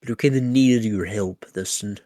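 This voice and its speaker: A man's voice: lowish voice, moderate pace, mellow. A man playing a tabletop game, casual and cursing freely. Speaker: player.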